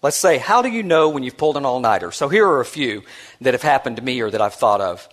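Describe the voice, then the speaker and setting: A man's voice: medium pitch, big pitch swings, fast, fairly bright tone. A man giving a conference keynote and telling a story. His talk is conversational and self-deprecating, with many restarts, and he acts out the voices of the people he quotes. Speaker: conference speaker.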